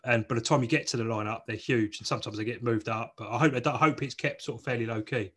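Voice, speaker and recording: A man's voice: mid-range voice, fairly even intonation, fast talker, a bit bright, breathy edge. Chatty man hosting a podcast. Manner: chatty, loose, many fillers and restarts. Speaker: podcast host. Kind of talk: casual chat.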